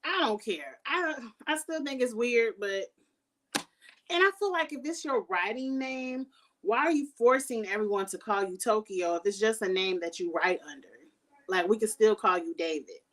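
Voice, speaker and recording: A woman's voice: medium pitch, lively intonation, moderate pace, a bit bright, distant mic. A woman hosting a casual review vlog, recapping a reality show in a sassy, shady, blunt way.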